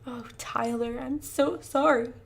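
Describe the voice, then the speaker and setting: A woman voicing a worried middle-aged mother who speaks softly and gently. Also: high-pitched, fairly even intonation, a little slow, creaky, breathy edge, pitched above the performer's own voice, exaggerated voice. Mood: tender. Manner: soft and gentle.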